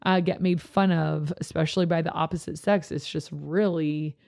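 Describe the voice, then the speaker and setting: A woman youth pastor chatting casually, telling lively stories and jumping into high voices when she quotes people. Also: normal speed, gravelly. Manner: animated storyteller, jumps into high voices when quoting others. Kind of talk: casual podcast chat.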